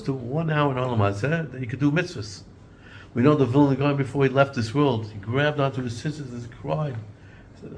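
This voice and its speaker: A man's voice: mid-range voice, brisk, a little hiss or hum. A man teaching an informal Torah class in a conversational way, often repeating and restarting words and mixing in Hebrew and Yiddish terms.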